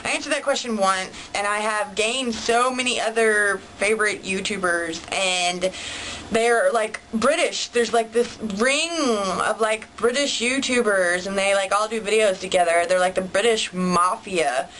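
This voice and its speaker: A woman's voice: mid-range voice, a little slow, fairly bright tone, slight background noise, poor audio. A young woman, chatting casually to camera in a bubbly, rambling way. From United States. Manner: bubbly, rambling, heavy use of "like". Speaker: vlogger.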